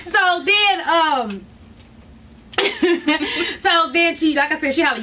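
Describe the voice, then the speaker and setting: A woman recapping a reality show in a chatty gossip style, her voice high and bright. She acts out everyone's lines as she goes. She sits a little back from the mic, with a faint hiss behind her. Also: slow. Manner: animated storytelling with laughs and acted quotes. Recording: distant mic with faint noise.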